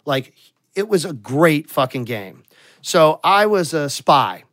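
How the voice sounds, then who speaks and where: Crude, animated storytelling man. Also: on the high side, slow pace, dry recording. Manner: crude, animated storytelling with loud laughing outbursts. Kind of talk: casual podcast chat.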